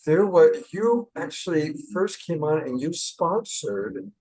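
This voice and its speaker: A man hosting his live-stream show, talking casually and answering in a warm, affirming way. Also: a little high, animated, takes it slowly, rough recording. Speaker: show host.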